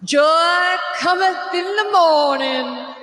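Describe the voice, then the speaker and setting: A woman's voice: extremely high pitch, very slow, fairly bright tone. A woman giving a mocking, roast-style speech with a punchy, sarcastic delivery. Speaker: speaker at an event. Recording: roomy hall with faint noise.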